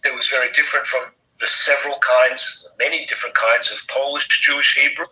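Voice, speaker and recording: Bright-voiced Englishman on a tinny line. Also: medium pitch, steady tone, fairly quick. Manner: discursive, many fillers and restarts. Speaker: guest historian and author. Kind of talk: conversational interview.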